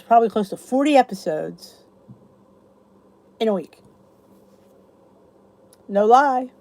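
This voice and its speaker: Middle-aged woman, host of a casual live chat, soft mellow tone, chatty, reads out and answers viewer comments. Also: on the high side, expressive, slow, long pauses. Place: cozy room downstairs at home.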